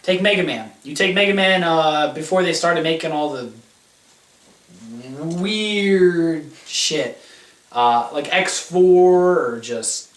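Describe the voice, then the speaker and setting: Deadpan young man in an echoey room. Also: on the high side, takes it slowly, recorded from a distance. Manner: deadpan and blunt, swears, bursts into excited rants. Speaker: co-host. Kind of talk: casual gaming chat.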